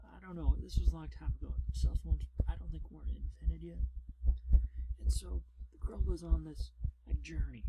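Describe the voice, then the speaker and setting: Gravelly-voiced man rambling in a whispered role-play. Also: fairly high pitch, moderate pace. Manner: rambling, deadpan, offhand. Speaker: ASMR storyteller. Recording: loud background noise.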